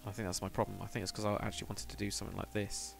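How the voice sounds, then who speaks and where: Guy streaming a build, low-ish voice, mutters along, answers chat, quiet music underneath. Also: flat delivery, rapid-fire, gravelly. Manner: rambling, thinks aloud, mutters to himself; reads out and answers viewer chat. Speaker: live streamer. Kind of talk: casual live stream chat while building in a game.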